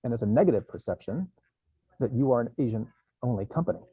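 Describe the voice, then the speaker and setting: A man's voice: medium pitch, animated, fast talker, husky, dry recording, highs cut off. A man moderating a casual panel discussion, searching for words and restarting often. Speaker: panel moderator and company co-founder.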